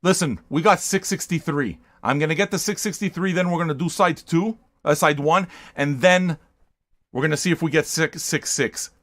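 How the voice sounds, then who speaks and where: An older man hosting a music livestream, talking to viewers in a loud, profane, hyped-up way and sometimes shouting. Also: a little high, moderate pace. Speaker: music stream host.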